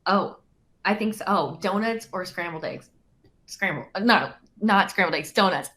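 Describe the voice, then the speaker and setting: A woman's voice: mid-range voice, moderate pace, a bit bright. A woman, an actress, chatting playfully in an interview and laughing often between remarks. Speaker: actress promoting a film. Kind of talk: casual playful chat.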